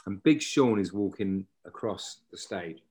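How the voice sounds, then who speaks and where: A man, an actor, telling a lively anecdote in a casual interview and swearing freely. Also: deep voice, a little slow. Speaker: actor and podcast guest.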